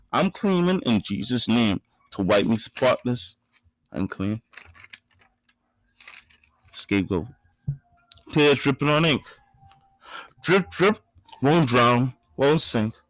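A man's voice: mid-range voice, no echo, poor audio. Man reciting rhythmic poetry. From Bahamas. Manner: rhythmic, emphatic delivery with sudden loud rises. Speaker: spoken word poet. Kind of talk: reciting spoken word poetry and rap.

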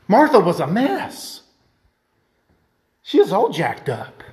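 Fervent male preacher with a very high voice. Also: huge pitch swings, slow, long pauses. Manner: fervent, rising to shouts of emphasis. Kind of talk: sermon.

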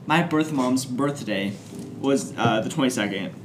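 A man's voice: mid-range voice, a little slow, reverberant, a little hiss or hum. A young man co-hosting a casual podcast with friends, telling a long rambling story and quoting people as he goes. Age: young adult. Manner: rambling storyteller, quotes people in his stories. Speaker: podcast co-host. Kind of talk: casual chat. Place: apartment living room.

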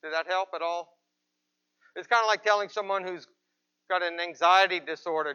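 A man's voice: high voice, steady tone, normal speed, pauses often, pushed and bright, smooth, muffled recording. A man pastor giving a conversational sermon in church, asking rhetorical questions of the congregation. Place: church, with people present and some watching remotely.

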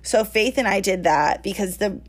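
A woman in her twenties telling a lively story on a casual podcast, laughing often and saying "like" a lot. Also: medium pitch, normal speed. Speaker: podcast co-host.

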